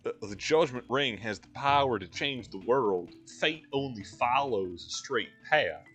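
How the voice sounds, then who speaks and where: A man voicing a cryptic male ring spirit, drawling like a surfer dude and speaking slowly and solemnly. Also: mid-range voice, expressive, pushed and bright, faint music behind.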